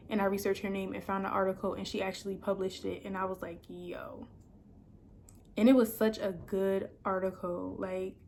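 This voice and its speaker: Woman content creator, 30s, casual chatty vlog delivery, emotional and upbeat. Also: medium pitch. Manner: excited, emotional, chatty with fillers.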